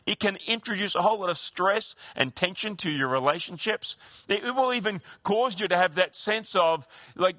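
A man's voice: high-pitched, animated, moderate pace, sharp tone, no room sound, clean studio sound. A man preaching a sermon in a conversational way, often restarting his phrases. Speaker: pastor.

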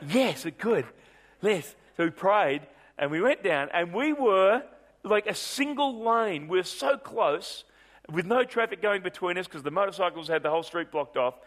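Middle-aged male preacher, high pitched, lively storyteller from the pulpit. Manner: animated storyteller, swings from brisk to drawn out. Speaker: pastor. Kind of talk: sermon storytelling.

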